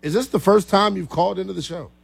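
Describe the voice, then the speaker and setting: A man's voice: high-pitched, fast, vocal fry, breathy edge. Young guy hosting sports radio, jokey and chatty, teasing callers. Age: young adult. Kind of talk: casual sports talk radio.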